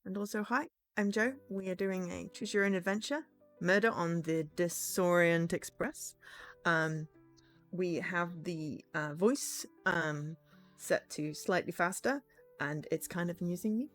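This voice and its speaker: A woman's voice: on the low side, measured pace, soft background music. A woman streamer giving casual game commentary, chatty and giggly.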